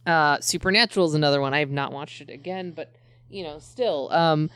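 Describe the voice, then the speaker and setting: A woman's voice: deep voice, fairly quick, fairly bright tone, smooth, no echo. A woman in her thirties chatting casually as a podcast co-host, rambling with many fillers and restarts. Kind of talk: casual chat.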